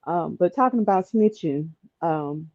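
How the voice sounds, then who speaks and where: A woman's voice: on the low side, lively intonation, measured pace, a little mellow, no echo. A woman from Chicago calling into a live stream, talking earnestly and gratefully with many ums. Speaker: caller. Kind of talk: casual call-in chat. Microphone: remote call line. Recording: dull call-in audio.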